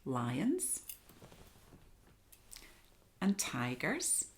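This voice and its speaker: A woman hosting storytime, reading a children's story aloud expressively with dramatic hushes. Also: deep voice, huge pitch swings, drawn-out words, slight background noise. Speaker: storytime reader.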